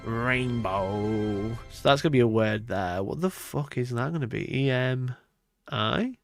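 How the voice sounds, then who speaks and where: Lively, slow-talking male streamer muttering to himself. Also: medium pitch, no room sound, faint music behind. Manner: talks to himself, self-mocking, laughs often, swears. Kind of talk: live-stream puzzle gameplay chatter.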